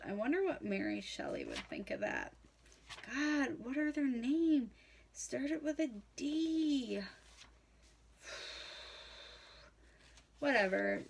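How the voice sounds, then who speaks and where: A woman's voice: mid-range voice, a little hiss or hum. A drunk young woman retelling a classic novel in a rambling, profane, casual way. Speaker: comedic host retelling a novel. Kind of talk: tipsy casual storytelling.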